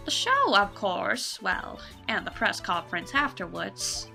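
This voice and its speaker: A woman's voice: medium pitch, wildly swooping pitch, a little slow, gravelly, faint music behind, exaggerated voice. A woman voicing a haughty, nosy old female guard in a game, talking in a pompous, scolding way.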